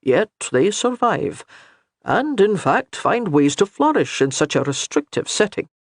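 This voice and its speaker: A man reading as a kindly old Highland priest who reassures with light humor. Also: sing-song, a little slow, creaky, no echo, studio quality, heavily acted. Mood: reassuring.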